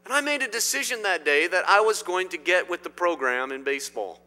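Emphatic preacher in an echoing church. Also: male voice, sits high, lively intonation, a little fast. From Indiana. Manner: emphatic, swinging between loud declarations and quiet asides. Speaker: pastor. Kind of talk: sermon. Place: church sanctuary. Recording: long hall reverb.

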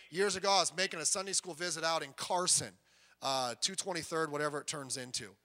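A man preaching a sermon as pastor, animated, with sudden loud emphasis and quiet asides. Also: fairly high pitch, fast. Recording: long reverb of a church hall.

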